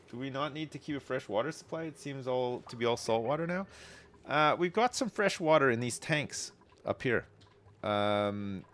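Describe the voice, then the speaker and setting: A man streaming a game live, chatting casually and thinking aloud, with frequent fillers and quick excited reactions. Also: lowish voice. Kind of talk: casual gameplay commentary.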